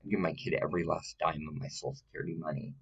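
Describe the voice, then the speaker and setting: Deep-voiced man in a profane ramble. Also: little pitch movement, very fast, gravelly, fairly bright tone, husky, highs cut off. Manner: profane, rambling, repeats and restarts phrases. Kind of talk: rambling personal monologue.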